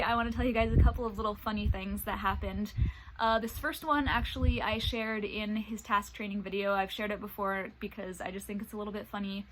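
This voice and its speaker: A young woman vlogging about life with her service dog, retelling stories in a casual, animated way and acting out what people said. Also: mid-range voice, slight background noise, low-quality recording. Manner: animated retelling, acts out quoted voices. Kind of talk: casual storytelling vlog.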